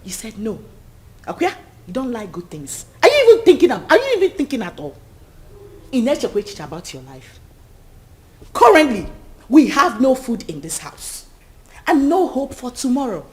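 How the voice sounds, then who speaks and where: An actress playing a domineering young woman who scolds and mocks her pregnant friend in loud outbursts. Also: fairly high pitch, wildly swooping pitch, normal speed, long pauses. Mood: scornful scolding. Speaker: actress in a Nigerian film. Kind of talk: film drama acting.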